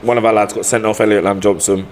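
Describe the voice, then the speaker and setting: A lowish-voiced man tells career stories as a podcast guest. He talks in a blunt, colloquial way, swearing freely as he chats. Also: little pitch movement, fast, a little mellow. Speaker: football manager, podcast guest. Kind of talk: casual storytelling chat.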